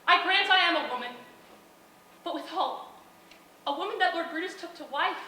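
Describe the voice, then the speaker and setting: A woman's voice: extremely high pitch, lively intonation, normal speed, pushed and bright, a little hiss or hum, heavily acted. A woman playing Portia, a proud noble wife pleading with her husband in an outdoor stage play, with impassioned, rising speech. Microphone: far camera. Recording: distant, echoey open-air stage recording.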